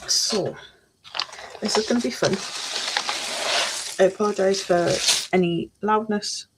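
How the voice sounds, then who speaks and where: A woman's voice: medium pitch, unhurried, heavy background noise. A woman chatting casually on a live stream, reading out chat messages while she builds a model kit at her desk.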